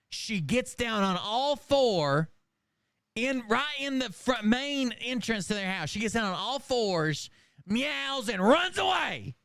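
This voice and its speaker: A man casually retelling a movie scene for laughs, animated and profane and cracking up as he goes. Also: high-pitched, slow, no echo. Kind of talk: casual comedic storytelling.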